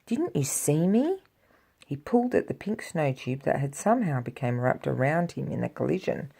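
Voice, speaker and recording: A sour, disgusted storybook grouch, put on by a woman reading aloud. The voice drops lower and grumbles with scorn. It is dark and gravelly. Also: sing-song, normal speed, exaggerated voice. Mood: annoyed. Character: grumpy green male creature, sour and disgusted.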